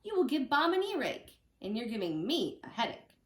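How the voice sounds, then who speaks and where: A woman voicing a tired but patient mother in a children's storybook, calmly scolding her daughter. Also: fairly high pitch, moderate pace, roomy sound. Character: patient, weary young mother.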